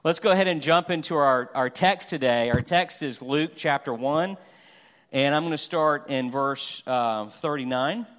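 A man's voice: on the high side, measured pace, fairly bright tone. A middle-aged man from Florida preaching a sermon as a guest pastor, conversational and self-deprecating, acting out everyday examples with humor.

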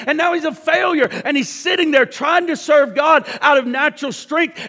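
A man preaches in a church with a high, ringing voice. His delivery is impassioned, climbing to loud, fervent peaks and then dropping to a hushed, pleading tone in prayer, and he often repeats his words as he goes. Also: long reverb tail. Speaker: pastor. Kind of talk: sermon and altar prayer.

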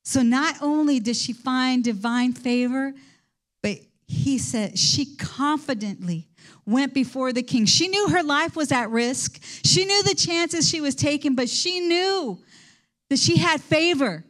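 High-voiced woman teaching scripture. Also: lively intonation, measured pace, a bit bright. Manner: enthusiastic, rambling with restarts. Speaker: Bible study teacher. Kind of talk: sermon.

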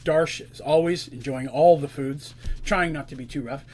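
A man's voice: on the high side, normal speed, darkish tone. A man narrating a tabletop game as game master, in a loose, conversational retelling.

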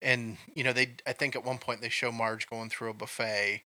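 A man's voice: mid-range voice, level tone, moderate pace, bright, forceful tone, no room sound. Rambling Kansas-raised male co-host. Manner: rambling, anecdotal, many ums and uhs. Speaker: podcast co-host. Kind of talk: casual movie review chat.

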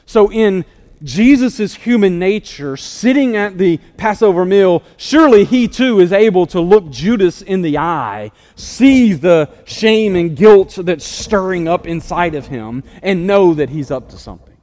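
A man preaching a sermon. He swells in emphasis, then drops quiet, and adds casual asides. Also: high voice, lively intonation, a little slow. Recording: long hall reverb.

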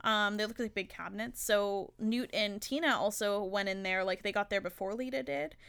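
A woman's voice: medium pitch, moderate pace, vocal fry, a bit bright, smooth. A young woman co-hosting a casual podcast, retelling a movie plot with plenty of likes and ums and quoting the characters. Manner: chatty storyteller, lots of likes and ums, quotes characters. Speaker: podcast co-host. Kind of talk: casual movie recap chat.

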